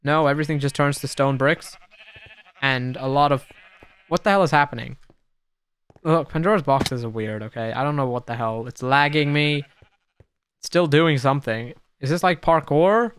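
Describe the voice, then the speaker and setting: Talking to on-screen creatures, this young adult YouTuber narrates his gameplay casually and excitably, alternating between mutters and abrupt shouts. He speaks at a moderate pace in a somewhat high voice, with a clean tone and no echo.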